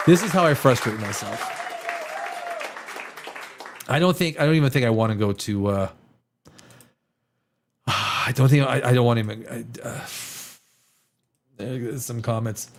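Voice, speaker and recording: A man's voice: medium pitch, a little slow, long pauses, a faint crowd. A man hosting a show as a screenwriter, ranting through a review with lots of restarts and swearing. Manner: animated, restarts often, swears, mimics dialogue.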